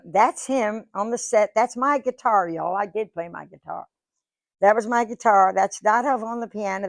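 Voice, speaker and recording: A woman's voice: mid-range voice, gravelly, no room sound. A woman, telling stories to a live audience in a chatty, folksy way with many restarts. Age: 90s. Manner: chatty, folksy, repeats words and restarts often. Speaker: guest speaker, singer. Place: museum lecture room.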